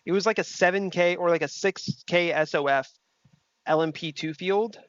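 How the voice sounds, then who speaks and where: While sim racing on a livestream, a young man chats casually with viewers, reading their messages aloud and swearing freely. His voice is high and his pace moderate, in a dry recording of dull, slightly lo-fi stream audio.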